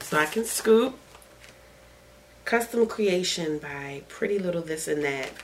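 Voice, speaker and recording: A woman hosting a casual podcast chat, gushing with excitement and swearing freely. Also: lowish voice, unhurried, a little hiss or hum, poor audio. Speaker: podcast host.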